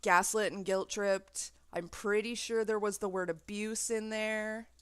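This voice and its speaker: A woman gives casual reaction commentary, indignant and heavy on profanity as she rants. Her voice sits at a middle pitch. It is recorded dry, with almost no room sound. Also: fairly even intonation, measured pace, a bit bright, smooth, no echo. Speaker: reaction video creator.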